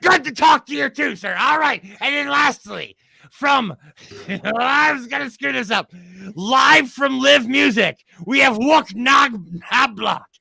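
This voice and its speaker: Brief: blustering mock TV host, bright, sharp, gravelly. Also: male voice, very high-pitched, slow pace, no room sound, exaggerated voice. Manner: loud, blustering, pushy. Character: brash adult male TV panel host. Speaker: comic news panel host. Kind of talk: comedy sketch, mock panel show.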